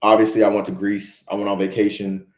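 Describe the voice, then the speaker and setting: Emphatic low-voiced man with a Haitian accent. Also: monotone, quick pace. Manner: emphatic, slangy, keeps asking "right?". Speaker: videographer telling a story on a livestream. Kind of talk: casual storytelling livestream. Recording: roomy echo.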